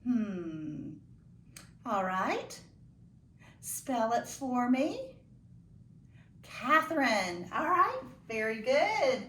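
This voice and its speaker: Woman, phonics teacher for young kids; higher, animated voice, patient and full of praise; roomy echo. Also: a little hiss or hum. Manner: encouraging, slow and deliberate, praising pupils. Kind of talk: phonics lesson for young children.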